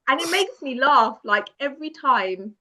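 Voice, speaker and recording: A woman guest telling a personal story in a lively, self-mocking way, often laughing as she goes. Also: high voice, moderate pace. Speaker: podcast guest. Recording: dull lo-fi sound.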